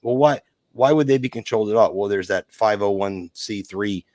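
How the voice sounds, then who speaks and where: Low-voiced male co-host, dry close sound, emphatic and opinionated. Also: moderate pace, darkish tone, no room sound. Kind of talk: casual chat, opinionated.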